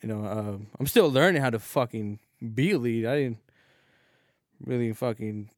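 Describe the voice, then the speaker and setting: A man telling a work story in casual chat, profane and animated with quoted lines. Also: mid-range voice, moderate pace, dry recording, clean studio sound. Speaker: warehouse lead.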